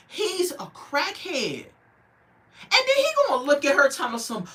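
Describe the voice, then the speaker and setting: Animated woman reviewing a TV show. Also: high-pitched, slow. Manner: animated, outraged, then emotional and soft. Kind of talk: casual commentary.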